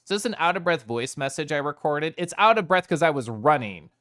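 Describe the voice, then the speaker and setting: A man's voice: a little high, animated, a little fast, a bit bright. A man streaming, chatting casually and playfully with his chat, often giggling.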